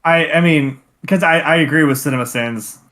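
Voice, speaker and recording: A man's voice: a little high, normal speed, pushed and bright. A man co-hosting a casual podcast, thinking aloud in a hesitant, meandering way with casual swearing. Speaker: podcast co-host. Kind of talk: casual chat.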